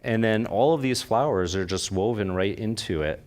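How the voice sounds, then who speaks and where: A man's voice: lowish voice, moderate pace, a little mellow. A man giving a live floral design demonstration to an audience, chatty and enthusiastic, often asking them questions. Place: convention stage before an audience.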